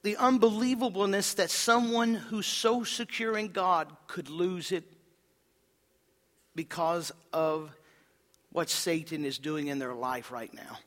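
Bright-voiced impassioned preacher man. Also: slow, big-room sound. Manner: impassioned preaching, swings from loud emphasis to hushed low tones. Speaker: pastor. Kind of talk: sermon.

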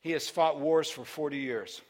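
A man preaching a sermon, moving between quiet teaching and loud, shouted preaching. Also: on the high side, moderate pace.

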